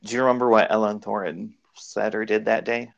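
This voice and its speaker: A man's voice: lowish voice, fairly quick, gravelly, lo-fi sound. A man hosting a podcast, chatting casually and rambling through shared memories. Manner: relaxed, rambling, recalls memories aloud. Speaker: podcast host. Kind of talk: casual chat.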